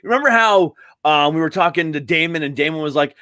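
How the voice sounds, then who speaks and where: A man's voice: on the high side, fairly quick, hardly any pauses, dry recording, clean studio sound. A man co-hosting a casual podcast chat, swearing and joking, with family roots in Ohio. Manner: swearing, joking, does loud voices of relatives. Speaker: podcast co-host.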